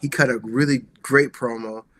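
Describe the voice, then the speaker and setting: A man co-hosting a wrestling podcast, chatting casually and excitedly, rambling with lots of filler words. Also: mid-range voice, moderate pace. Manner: excitable, rambling, heavy use of "like". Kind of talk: casual chat.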